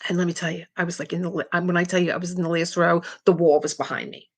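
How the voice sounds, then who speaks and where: A middle-aged woman hosts a relaxed live chat with her viewers. She rambles from one story to the next in a chatty way and breaks off for quick asides. Her speaking voice sits a little low for a woman. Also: husky. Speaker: livestream host.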